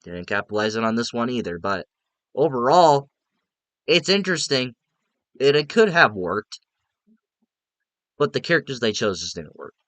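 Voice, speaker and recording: A man's voice: mid-range voice, big pitch swings, normal speed, long pauses, a bit bright, no room sound. A man giving a casual, rambling spoken movie review, frank and often restarting his sentences.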